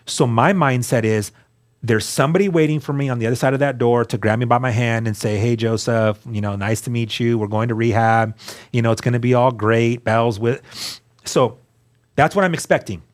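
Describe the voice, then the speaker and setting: A man telling his story as a guest, earnest and animated, acting out the dialogue he quotes. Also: mid-range voice, brisk. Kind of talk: storytelling testimony.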